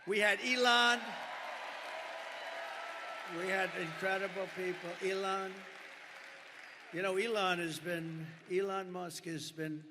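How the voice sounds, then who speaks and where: Slow, with frequent pauses, an older man's high voice comes across steady, pushed and bright. He gives a rambling campaign rally speech from the podium, full of superlatives and asides to the crowd, in a packed venue that echoes with crowd noise.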